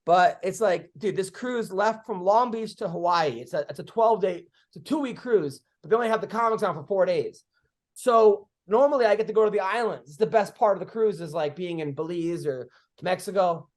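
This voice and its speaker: A middle-aged man hosting a podcast, telling comedy-road stories in casual chat, animated, swearing freely and acting out what people said. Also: high voice, normal speed. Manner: animated storyteller, swears freely, acts out quotes.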